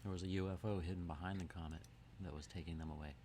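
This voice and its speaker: A laid-back male podcast co-host with a very low, deep voice. He chats casually, laughs easily and drops in dry asides, with a faint hiss of noise behind him. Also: steady tone, quick pace, warm tone. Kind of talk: casual chat.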